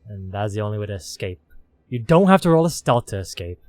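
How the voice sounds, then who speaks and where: A man's voice: on the low side, very animated, brisk, a little mellow. A man running a tabletop role-playing game, narrating the scene in long run-on sentences strung together with "as". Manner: run-on storytelling, strings clauses with "as". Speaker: game master.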